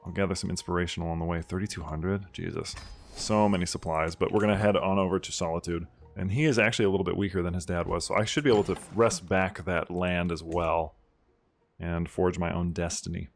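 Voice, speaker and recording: Low-voiced man giving casual game commentary. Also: fairly even intonation, brisk, vocal fry, slight background noise. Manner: chatty, bursts into loud mock outrage and cheering. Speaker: gaming video host. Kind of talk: casual let's-play commentary.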